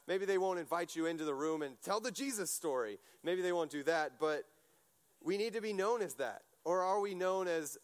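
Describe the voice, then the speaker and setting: A man with a fairly high voice delivers a relaxed, conversational sermon. He leans on everyday stories and talks in a loose, animated way, stumbling through fillers and false starts as he goes. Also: moderate pace. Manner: chatty and animated, with many fillers and restarts. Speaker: preacher. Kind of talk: casual sermon with storytelling.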